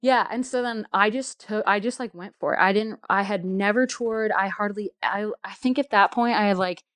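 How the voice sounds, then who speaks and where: A woman's voice: mid-range voice, normal speed, a bit bright, dry recording. A woman telling a travel story in a casual, chatty way, full of fillers and laughter.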